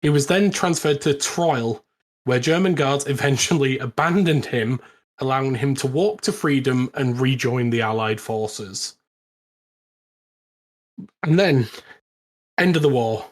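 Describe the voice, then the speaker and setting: A British man co-hosting a podcast, telling a history story in casual, animated chat with frequent laughs. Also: mid-range voice, a little slow, pauses often. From Britain. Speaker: podcast co-host.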